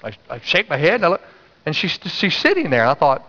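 A man from North Carolina, preaching a sermon and telling a story animatedly, acting out his own inner voice. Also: brisk. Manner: animated, acts out his own inner voice with sudden high jumps. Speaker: pastor. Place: church sanctuary. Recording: dull, reverberant church sound.

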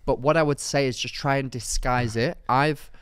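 A man's voice: medium pitch, steady tone, moderate pace, smooth, no echo. A young man co-hosting a podcast, telling rambling anecdotes in casual chat. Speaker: podcast co-host.

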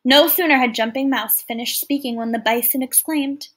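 In this read-aloud lesson for children, a woman teacher reads a folktale in a high voice at normal speed, with hardly any pauses. She explains words clearly and keeps asking her listeners questions as she goes.

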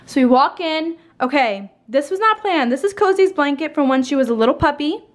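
A woman's voice: high-pitched, animated, fairly quick. Bubbly, tired young woman vlogger. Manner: bubbly, rambling, swears casually. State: tired, a bit out of breath. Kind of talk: casual chatty home tour. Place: at home indoors.

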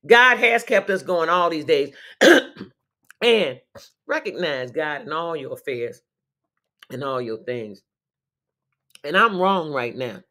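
Sassy woman preaching on a livestream. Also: fairly low pitch. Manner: sassy, preachy, swings between soft reflection and loud outbursts; laughs often between phrases. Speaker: livestream host. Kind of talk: casual inspirational talk.

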